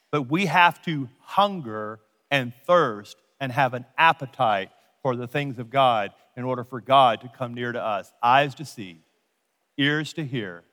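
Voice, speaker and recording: A man preaching as a guest pastor, earnest, slowing his words down to lead a prayer. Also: mid-range voice, pushed and bright. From United States. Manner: earnest, slows down for emphasis in prayer. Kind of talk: sermon. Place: large church auditorium. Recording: long hall reverb from a church sanctuary.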